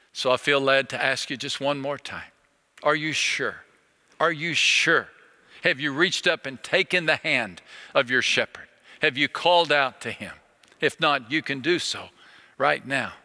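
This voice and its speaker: A man preaching a sermon as a pastor, earnest and pleading, slowing down on key phrases. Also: on the high side, bright, forceful tone, in a large hall.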